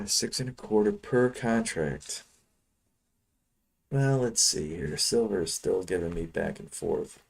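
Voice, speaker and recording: A man's voice: lowish voice, takes it slowly, vocal fry. A man from Chicago talking casually to his viewers while trading futures, rambling between trades. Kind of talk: casual live-trading commentary.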